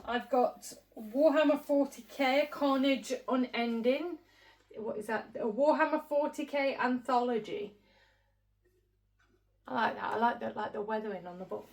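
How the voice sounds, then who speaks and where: A woman's voice: on the high side, measured pace. A woman co-presenting a casual shop unboxing, playful and teasing.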